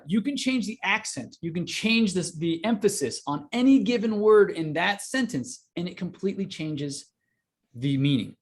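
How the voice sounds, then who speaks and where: A man coaching a live online sales class, energetic, often checking in with "right?". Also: high voice, moderate pace. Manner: energetic, repeats "right?" to the audience.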